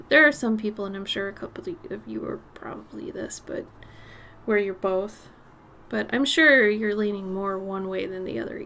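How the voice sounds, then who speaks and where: A woman with a raspy, smoky voice chatting casually while she paints on a live stream, her nose a little stuffy. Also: medium pitch, slight background noise. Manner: chatty, drifts between topics, soft murmured asides.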